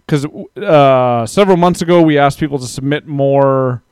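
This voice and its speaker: A man's voice: mid-range voice, normal speed, darkish tone, smooth, no room sound. A man co-hosting a podcast in casual chat, rambling with lots of "like" and laughing often. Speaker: podcast co-host.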